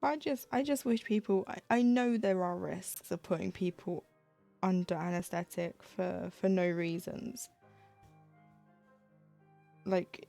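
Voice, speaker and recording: Woman chatting on stream while she stitches, bit of vocal fry, mellow tone, soft music behind. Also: lowish voice. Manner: chatty, self-deprecating, acts out little quoted exchanges. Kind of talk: casual chat while stitching on a live stream.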